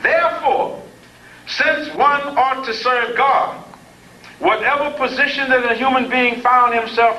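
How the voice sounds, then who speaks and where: A man lecturing in a folksy, humorous storytelling way, wandering off into side stories. His voice sits high and bright. It sounds roomy, with faint noise behind it.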